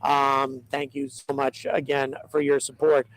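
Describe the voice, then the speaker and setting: A man hosting a livestream in casual chat, excitedly reading out viewers' locations and thanking supporters, with many ums and uhs. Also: medium pitch, measured pace, low-quality recording. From United States. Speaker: livestream host.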